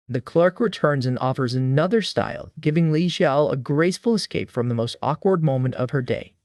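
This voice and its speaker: A man's voice: medium pitch, darkish tone, no room sound, clean studio sound. A man narrating a comic recap in a scripted, wry storytelling manner.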